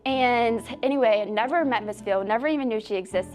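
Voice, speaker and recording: A young adult woman, a high school student telling her story in an interview and acting out quoted voices. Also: brisk, hardly any pauses, faint music behind. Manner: animated, acts out quoted voices.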